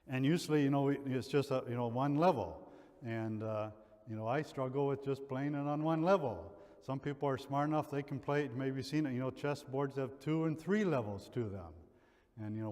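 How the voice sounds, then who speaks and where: A male pastor with an Upper Midwest accent, preaching to his congregation in an easygoing, chatty manner that is full of "you know" and restarted phrases. His middle-pitched voice rings out with a long tail of reverb in a church sanctuary. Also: a little mellow. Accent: Upper Midwest American. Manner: conversational, many fillers and restarts. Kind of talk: sermon.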